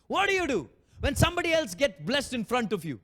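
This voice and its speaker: A man's voice: very high voice, wildly swooping pitch, brisk, a bit bright. A man preaching a sermon as pastor, telling a personal story with passion and acting out prayers and quotes.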